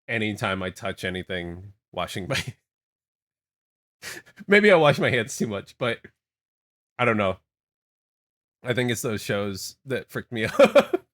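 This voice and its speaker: Talking to his chat on a live stream, a young adult man with a lowish voice rambles along casually. His reactions are lively and full of jokes.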